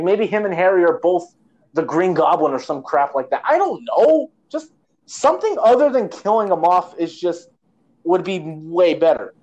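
A man in casual movie-review chat, his voice sitting a little high. He rambles, restarts his sentences and tosses in sarcastic digs. His delivery is loose and conversational. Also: darkish tone, dull audio. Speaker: podcast co-host, movie reviewer.

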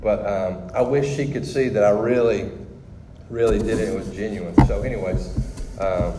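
Man, candid testimony speaker, warm and mellow, roomy hall with long reverb and faint background ambience. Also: mid-range voice, slight background noise. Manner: candid and conversational, with frequent restarts. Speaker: speaker sharing his testimony. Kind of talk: personal testimony to a group.

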